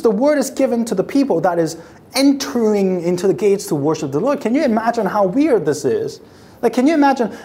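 Lady preaching, super animated, voice jumps all over, acts out the crowd, stumbles and repeats words. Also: mid-range voice. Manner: repeats and restarts words as she builds. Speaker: pastor. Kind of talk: sermon.

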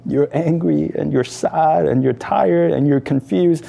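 A man leads a guided imaginative meditation, speaking straight to the listener in the second person. His voice is mellow and a little high, and it swells with emotion as the story builds. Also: measured pace, vocal fry. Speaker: prayer leader.

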